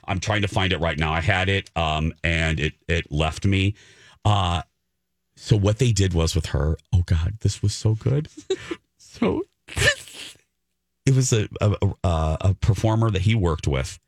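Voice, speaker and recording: A man hosting a radio show, telling a story in a casual chat and acting out the quotes in a high voice. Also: a little slow, dry recording, clean studio sound.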